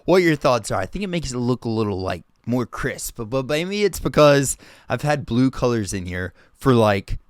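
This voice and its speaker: Male reaction host, excitable, dry close room sound. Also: medium pitch, normal speed, smooth, no echo. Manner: excitable, loud bursts of amazement. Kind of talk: casual reaction chat. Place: home streaming room.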